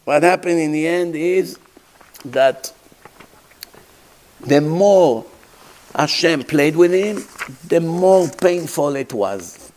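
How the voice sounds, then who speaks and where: A man with a fairly high voice delivers a sermon as a rabbi. His English is imperfect in grammar, and he tells vivid stories, throwing rhetorical questions at his listeners. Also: lively intonation, slow, pauses often, darkish tone, slight background noise.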